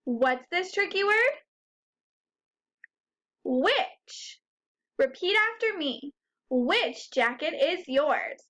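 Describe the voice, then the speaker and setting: Woman teacher, high voice, slow and clear, sounding out words for young kids. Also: sing-song, sharp tone. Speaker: first grade teacher. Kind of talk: recorded phonics lesson for young children.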